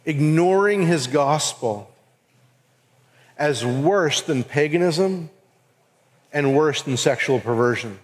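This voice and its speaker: A man's voice: fairly high pitch, expressive, slow pace, pauses often. A man giving an earnest sermon as pastor with a Southern US accent. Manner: earnest preaching, acts out quoted voices. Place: church sanctuary. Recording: long reverb of a hall.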